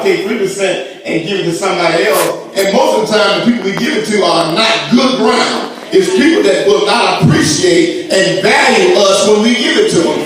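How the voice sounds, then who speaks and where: A man preaching a sermon to his congregation, with shouted and sung peaks and playful asides, recorded in a church sanctuary. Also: high-pitched. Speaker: pastor. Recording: echoey church from far off.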